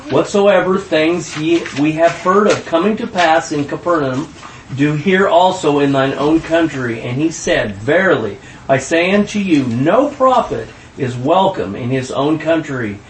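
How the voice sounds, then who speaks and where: A man in a Bible study group reading scripture aloud in a steady, formal way. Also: a little high, a little slow, slight background noise. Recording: echoey, distant from the mic.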